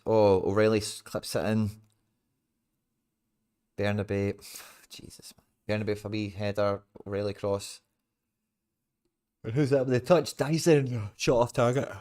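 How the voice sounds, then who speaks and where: A young Scottish man with a fairly low voice hosts a live football watch-along into a desk microphone. He rants in exasperation and swears freely, breaking into sudden loud outbursts. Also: a little slow, long pauses.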